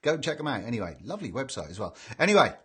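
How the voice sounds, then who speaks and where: A cheerful British man hosting a live stream, reading out viewers' names and greetings in a relaxed, chatty way. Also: medium pitch, very fast, husky. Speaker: livestream host reading chat. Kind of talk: casual live chat.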